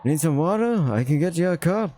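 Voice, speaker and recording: A man voicing a friendly, chatty male dingo in a visual novel, in a high, breezy put-on voice with a rough British try. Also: expressive, a little fast, dark tone, lightly acted. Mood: soothing. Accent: attempted British.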